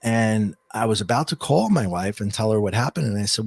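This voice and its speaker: A middle-aged man, a guest coach and author, telling a personal story in a rambling, animated way with frequent restarts. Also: on the low side, a little fast, gravelly, husky, no room sound. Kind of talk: storytelling in an interview.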